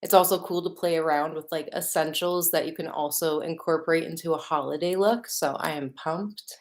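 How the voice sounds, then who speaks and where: A woman's voice: low-pitched, fairly even intonation, moderate pace. A young woman with a Chicago accent, a makeup artist chatting bubbly and casually as she hosts a livestream. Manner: bubbly and chatty, greets viewers by place. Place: home studio in Los Angeles.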